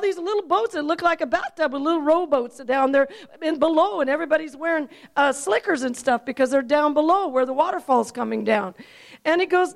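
Female preacher, high voice, animated sermon storyteller, quiet asides and loud emphatic peaks. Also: moderate pace, vocal fry. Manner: animated, rises to near-shouting when telling dramatic parts.

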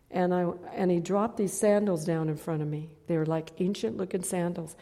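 A woman in her sixties preaching a sermon, telling stories with stammering restarts and swinging from loud exhortation to hushed recollection. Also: mid-range voice, fairly even intonation, moderate pace, long reverb tail. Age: 60s. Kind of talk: sermon with storytelling.

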